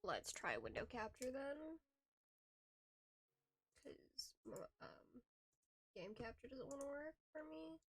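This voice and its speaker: A woman's voice: sits high, wildly swooping pitch, slow pace, long pauses, fairly bright tone, husky, dry recording. A woman streamer chatting casually while she plays, rambling and restarting her sentences with little giggles. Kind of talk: casual live-stream chat while gaming. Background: faint background music.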